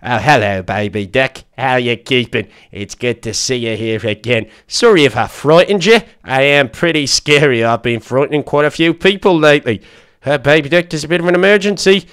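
A man with an Irish accent voicing an older, polite male butler in a Minecraft adventure, speaking slowly and softly. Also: medium pitch, clear, resonant tone, voice pushed down, natural voice. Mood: worried, polite. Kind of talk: Minecraft adventure role-play.

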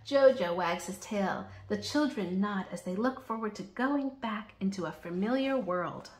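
A woman storyteller reading a children's picture book aloud in a lively, expressive way. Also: mid-range voice, unhurried. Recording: roomy echo.

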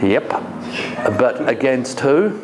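A man's voice: medium pitch, sing-song, slow pace, noisy background. A man lecturing a college class, asking the students questions and paraphrasing the text for them. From Australia.

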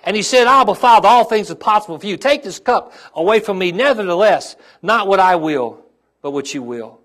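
A man's voice: sits high, expressive, brisk, a bit bright. A man, a pastor preaching a sermon to his congregation and calling out to them as his intensity rises.

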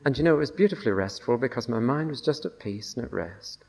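A man's voice: medium pitch, animated, fast, vocal fry, darkish tone, husky. An older man preaching a sermon, telling a personal testimony with wry, dry humor. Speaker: Bible teacher.

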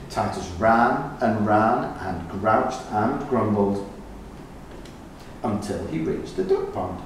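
Man reading a children's story, unhurried, expressive, very echoey room. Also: mid-range voice, a little hiss or hum. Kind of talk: reading a picture book aloud. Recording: echoey room, distant mic.

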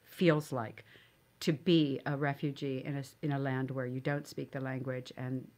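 Low-voiced woman telling stories. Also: flat delivery, normal speed, darkish tone. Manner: anecdotal, laughing often. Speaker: actress guest. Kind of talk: storytelling interview.

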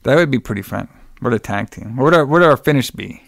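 A man's voice: medium pitch, expressive, quick pace, gravelly, dry recording, studio quality. A man hosting a podcast in casual chat, rambling, laughing and swearing freely. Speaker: podcast host.

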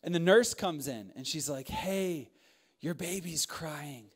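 A man's voice: fairly high pitch, lively intonation, takes it slowly, breathy edge. A young man preaching to young adults, telling funny stories about fatherhood with lots of laughter and asides. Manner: humorous storytelling with frequent laughs and asides. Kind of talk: sermon.

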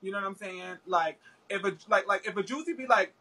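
A woman's voice: mid-range voice, fairly quick, background noise. A young woman guest talking about her experiences in casual, slangy, profane chat, full of fillers.

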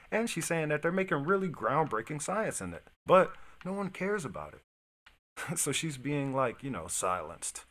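A man's voice: lowish voice, gravelly, fairly bright tone. A man hosting a live stream, reading news articles aloud and breaking off into blunt, slangy reactions. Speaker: streamer host. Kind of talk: casual live-stream commentary.

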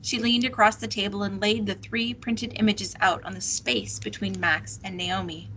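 A woman teacher reading a novel aloud, steady and expressive. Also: mid-range voice, normal speed, slight background noise, rough recording.

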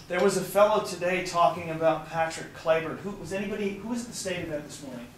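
This tour guide talks fast and barely pauses, his worn, hoarse voice pitched slightly high and charged with preacher-like fervor. The outdoor recording is distant and echoey, with some faint noise around him.

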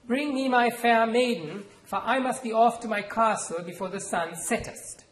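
A man's voice: moderate pace, slight background noise. A man voicing a defiant, bossy girl cousin. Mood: mock hearty. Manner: booming mock-hearty pirate bluster, then shrill protest. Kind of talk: author reading his novel aloud.

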